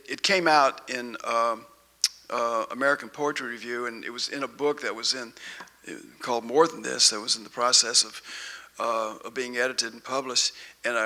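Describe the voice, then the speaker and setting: A man, a poet, giving a festival poetry reading, chatty and halting between poems and unhurried when reading them. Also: mid-range voice, bright, forceful tone. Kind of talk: poetry reading with spoken introduction. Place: festival stage before an audience.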